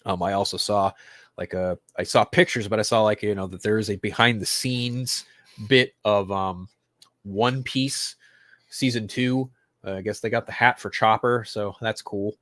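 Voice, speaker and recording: A man hosting a pop-culture podcast, ranting casually with constant swearing and sudden loud mock-crying outbursts. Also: on the low side, steady tone, moderate pace, no room sound. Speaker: podcast host.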